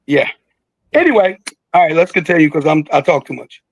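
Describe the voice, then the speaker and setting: An older man in his sixties, his voice high for a man and rough with gravel, telling old stories in a loose, joking way. He jumps into other voices to act out quotes and laughs often, recorded close and dry. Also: fairly quick, no room sound, low-quality recording. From Philadelphia. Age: 60s. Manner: animated, jokey, acts out quotes with big voice jumps. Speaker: guest, veteran rapper. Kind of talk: casual storytelling interview.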